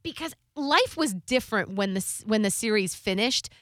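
A woman's voice: medium pitch, lively intonation, normal speed, a bit bright, dry recording, studio quality. A woman hosting a radio show, chatting casually and telling stories with frequent laughs. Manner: chatty, laughs often, storytelling. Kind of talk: casual chat.

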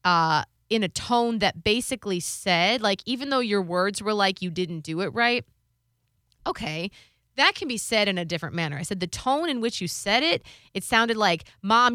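A bright-voiced woman in her thirties tells a parenting story in loose, casual chat. She fills her speech with "like" and acts out what others said. The sound is dry and close. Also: medium pitch, very animated, moderate pace, no room sound. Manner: chatty storyteller, acting out quotes, many "like"s. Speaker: radio host.

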